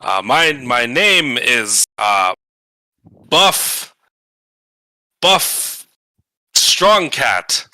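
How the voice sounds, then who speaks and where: A man's voice: medium pitch, very animated, drawn-out words, pauses often, bright, forceful tone, dry recording, studio quality, full character voice. A man playing a character who stumbles as he introduces himself with a made-up tough name. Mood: awkward. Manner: hesitant, stumbling.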